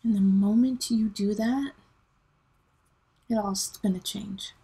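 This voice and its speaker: A woman's voice: medium pitch, steady tone, slow, mellow, slightly rough, poor audio. A woman in her thirties giving a casual monthly tarot reading, chatty and emotional, talking straight to her viewers. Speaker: tarot reader.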